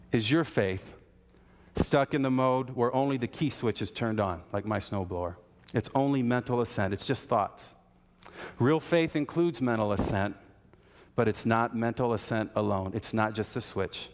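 A man preaching a sermon, telling folksy stories and asking repeated rhetorical questions of his congregation. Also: mid-range voice. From American Midwest. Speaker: pastor. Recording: hall reverb.

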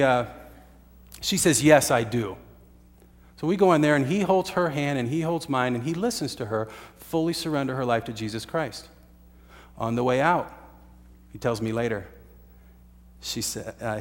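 A man's voice: mid-range voice, big-room sound. A man preaching a sermon, telling a story earnestly with uhs and restarts. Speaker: pastor.

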